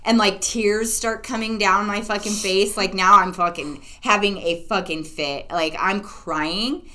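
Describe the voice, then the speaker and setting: A woman's voice: mid-range voice, unhurried, bright, forceful tone. A young woman co-hosts a casual podcast chat. She tells her stories animatedly, laughs often and swears freely. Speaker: podcast co-host.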